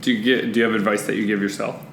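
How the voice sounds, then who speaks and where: A man's voice: lowish voice, little pitch movement, racing, gravelly, a bit bright. A man as a podcast guest in casual chat, musing aloud and asking probing questions. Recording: echoey room with faint hiss.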